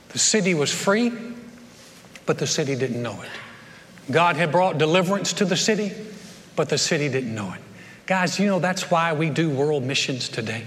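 A middle-aged male pastor preaching a sermon, telling the story in an animated way and repeating words as he goes. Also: a little high, a little hiss or hum. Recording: long reverb of a large church hall.

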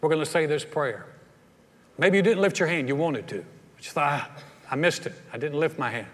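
Man, pastor, sermon, animated storyteller, fairly high voice, reverberant sanctuary. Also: brisk. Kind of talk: sermon with altar call. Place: church sanctuary. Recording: hall reverb.

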